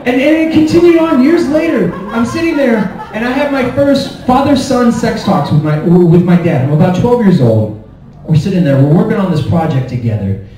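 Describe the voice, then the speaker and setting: A man doing a stand-up comedy set, telling stories in an animated way and acting out the scenes. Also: high-pitched, normal speed, very echoey, distant mic, poor audio.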